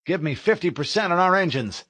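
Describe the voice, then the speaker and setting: Brief: tense captain barking commands, as a male narrator does him, pitched up and terse. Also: animated, fairly quick, a bit bright, no echo. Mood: grim command. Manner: clipped, growled orders. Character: gruff male starship captain, tense and angry.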